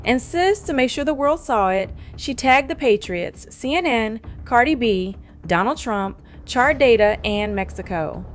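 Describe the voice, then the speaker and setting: A woman's voice: a little high, expressive, unhurried, few pauses. A woman narrating celebrity gossip in a sassy, dramatic, slang-heavy scripted style. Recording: faint music bed behind voice.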